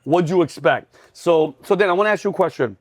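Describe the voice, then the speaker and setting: A man hosting a comedy podcast, telling a story in an animated, excitable way and shouting out other people's lines. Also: a little high, a little fast. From New York. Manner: loud, excitable, acts out yelling drill instructors.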